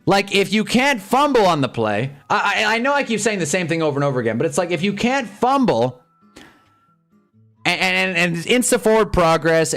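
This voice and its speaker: A man's voice: fairly high pitch, fairly bright tone. Ranting young man streaming football. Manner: frustrated, ranting, quick reactions. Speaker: streamer watching live football. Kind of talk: live sports watch-along commentary.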